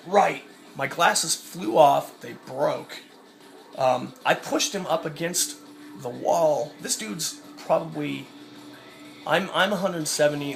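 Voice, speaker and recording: Gravelly man, slightly high voice, casual swearing storyteller, faint guitar behind. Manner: profane, animated storytelling. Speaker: vlogger and mail carrier.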